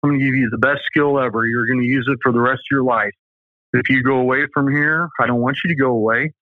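A Southern US-accented man who owns a safety company appears as an interview guest, telling folksy, emphatic stories. His medium-pitched voice is fast with fairly even intonation, and there is no echo, though the line sounds tinny like a phone.

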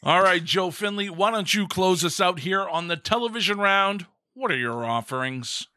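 Upbeat podcast host guy, high bright voice, bouncy, dry sound. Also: animated, moderate pace, no echo. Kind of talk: casual chat, hosting.

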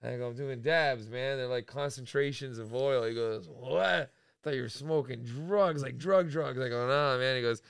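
A young man co-hosting a podcast, telling an animated, slangy story and saying "bro" a lot. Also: medium pitch, moderate pace, gravelly, smooth, dry recording, studio quality. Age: young adult. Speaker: podcast co-host. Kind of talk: casual chat.

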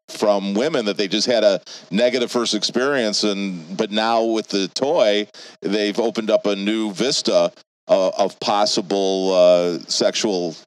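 A man's voice: lowish voice, low-quality recording. A man co-hosting a podcast, asking questions in a casual, teasing way. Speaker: podcast co-host.

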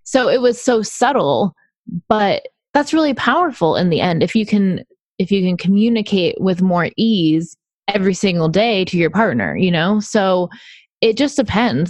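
A woman talking casually about her tapping practice, chatty with lots of fillers and quick laughs. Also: on the low side, expressive, a little mellow, no echo. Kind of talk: casual podcast conversation.

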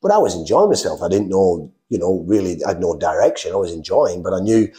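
Lively man telling his story. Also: sits low. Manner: animated, acts out dialogue with quick voice shifts. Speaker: interview guest sharing a faith testimony. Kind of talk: conversational storytelling.

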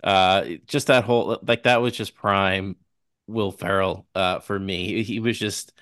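A man's voice: low voice, fairly even intonation, unhurried, fairly bright tone, no room sound, clean studio sound. A man co-hosting a podcast, chatting casually about a film, laughing often and leaning on "like.". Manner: laughs often, uses "like" a lot. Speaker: podcast co-host. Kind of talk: casual movie-review chat.

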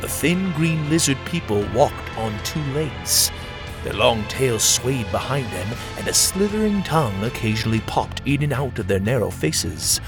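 A man narrating a children's adventure story in an expressive storytelling manner. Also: mid-range voice, normal speed, over music.

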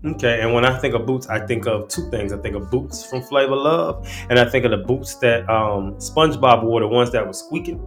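A man hosts a casual commentary show that breaks down rap lyrics, speaking in a relaxed, slangy style and frequently restarting sentences. His voice is mid-range and brisk, with hardly any pauses, over soft background music.

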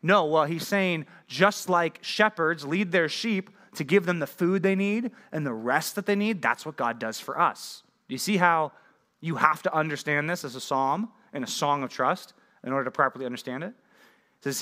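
Pastor, male, bright and fairly high voice, conversational sermon, keeps asking the room questions. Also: moderate pace. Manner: conversational, asks the audience frequent questions. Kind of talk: sermon teaching.

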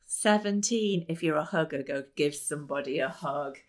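A woman giving an upbeat motivational talk to a live audience, laughing often and jumping to high, excited exclamations. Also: normal speed. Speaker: speaker. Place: business meeting room.

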